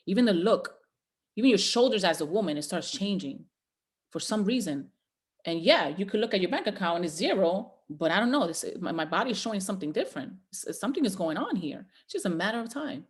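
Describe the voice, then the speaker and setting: A woman's voice: medium pitch, expressive, a little fast. A woman giving a motivational talk to a group call, preacher-like and exhorting, with repeated rallying lines. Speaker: motivational trainer.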